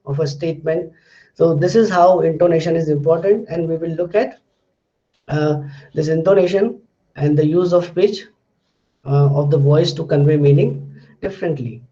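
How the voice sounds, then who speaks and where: A man's voice: high voice, mellow, dull audio. A male lecturer explaining things step by step, repeating his words and examples with frequent fillers. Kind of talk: recorded lecture.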